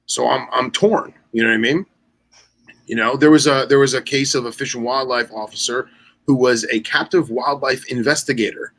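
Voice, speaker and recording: Bright-voiced man telling animated stories. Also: mid-range voice, normal speed, low-quality recording. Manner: animated storyteller acting out quoted dialogue; loose, with many fillers and restarts. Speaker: podcast co-host. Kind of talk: casual chat.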